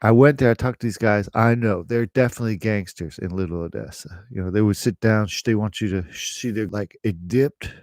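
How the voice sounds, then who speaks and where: Man, middle-aged, rambling chatty vlog talk, fillers and chuckles, low voice. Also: fairly quick, few pauses, darkish tone, no room sound, clean studio sound. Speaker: English teacher and vlogger. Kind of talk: casual talk to camera.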